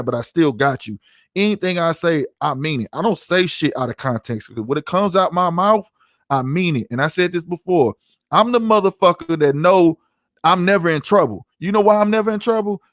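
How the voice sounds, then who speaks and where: Heated, profane, and emphatic, a middle-aged man hosting his own podcast rants alone on a livestream to his live chat. The voice is on the high side with a fairly bright tone, in clean studio sound free of room sound.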